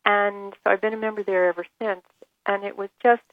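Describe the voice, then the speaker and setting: A woman author telling stories as a radio guest, enthusiastic and animated. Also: mid-range voice, fairly quick, no room sound, narrow, tinny audio. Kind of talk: radio interview.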